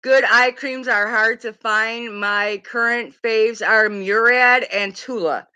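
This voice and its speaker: Middle-aged woman, makeup streamer, bright voice, casual rambling chatter. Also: fairly high pitch, slow pace, clear, resonant tone. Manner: chatty, rambling, laughs often, swears casually. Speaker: makeup livestream host. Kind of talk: casual livestream chat reading comments.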